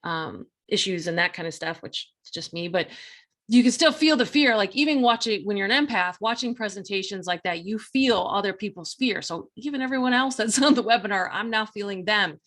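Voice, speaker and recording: A woman hosting a talk show, telling a personal story in a chatty, animated way, full of fillers and quoted self-talk. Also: mid-range voice, a little fast. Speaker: podcast host.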